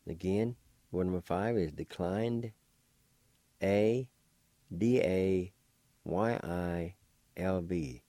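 A deep-voiced man gives a radio language lesson, sounding each syllable out with careful patience. His tone is warm and mellow, and the recording is dry and close. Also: dry recording. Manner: slow, deliberate, spells out syllables. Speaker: language teacher and radio host.

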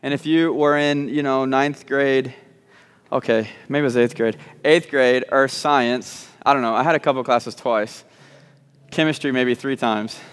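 A man's voice: mid-range voice, fairly even intonation, measured pace, clean tone, in a large hall. A man preaching a sermon, repeating words as he starts sentences and slipping in joking asides. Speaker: pastor. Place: church sanctuary.

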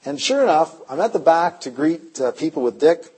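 A man preaching a revival sermon, telling stories in an animated way, his voice swinging between loud and hushed. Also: fairly high pitch, normal speed, breathy edge. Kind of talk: storytelling sermon.

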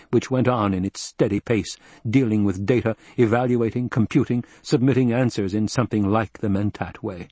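A man narrating an audiobook in a measured, dramatic storytelling manner with a husky voice. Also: medium pitch, darkish tone, dry recording.

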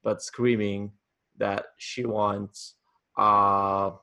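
A man, chatting casually as an interview guest from his home office, halting often with fillers and restarts. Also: on the low side, little pitch movement, bright, forceful tone, clear, resonant tone. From Poland. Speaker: guest, wedding photographer.

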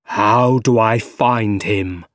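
A man voicing a menacing male mad scientist with mechanical arms, in a slow, low, deliberate voice. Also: steady tone, fairly bright tone, no room sound, clean studio sound.

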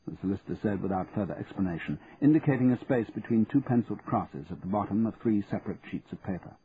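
Male narrator, measured audiobook reading, tinny narrow audio. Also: fairly low pitch, expressive, husky. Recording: tinny narrow band, faint hiss.

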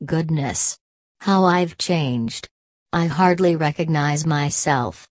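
Storybook: woman doing a lonely, timid ugly duckling, low and slow. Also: no room sound, clean studio sound. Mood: wondering.

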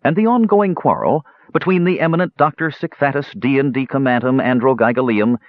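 A man reading a fantasy audiobook aloud in an expressive narration. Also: medium pitch, fairly quick, dry recording. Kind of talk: scripted narration. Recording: dull lo-fi dry recording.

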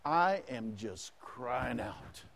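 A man's voice: mid-range voice, lively intonation, very slow, vocal fry, fairly bright tone. A man preaching a sermon as pastor, asking the congregation questions and acting out prayers in the first person.

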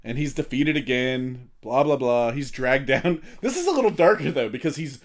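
A man's voice: mid-range voice, lively intonation, normal speed. A man co-hosting a podcast in casual, profane chat, retelling stories in a rambling way with lots of fillers. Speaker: podcast co-host.

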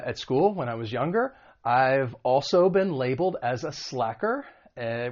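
American accent, english teacher, patient explaining, slightly dull sound. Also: mid-range voice. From United States. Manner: clear, patient explaining with demonstrations. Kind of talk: vocabulary and pronunciation lesson.

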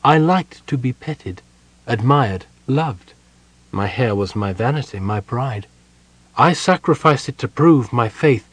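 A man voicing a calm, devout young woman prisoner who speaks softly but firmly. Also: mid-range voice, slow, husky, pitched above the performer's own voice. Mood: serene.

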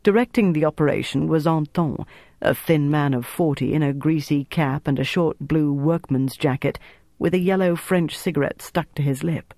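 A man narrating an audiobook with steady, measured storytelling. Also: a little high, creaky, dry recording.

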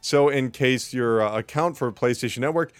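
A man's voice: mid-range voice, moderate pace, clean tone, no room sound. A man hosting a gaming news podcast, reading release lists and ranting with sarcastic, mock-dramatic outrage. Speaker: podcast host.

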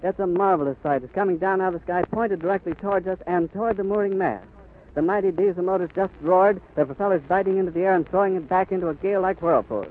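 Man, live 1930s radio reporter, vivid flowing description, outdoors, high voice, faint hiss. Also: fast. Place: outdoors on an airfield. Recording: crackly 1930s radio recording, phone-like band.

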